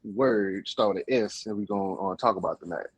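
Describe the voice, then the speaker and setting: A man hosting a live-stream talk show, chatting casually and joking with his co-host and the chat in a husky, laid-back voice. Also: lowish voice, moderate pace, no room sound, dull audio.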